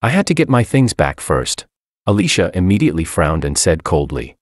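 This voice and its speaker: A man with a deep voice tells a first-person story in scripted narration. His delivery is even, with lively rises and falls, and the sound is dry and close. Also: normal speed, dry recording.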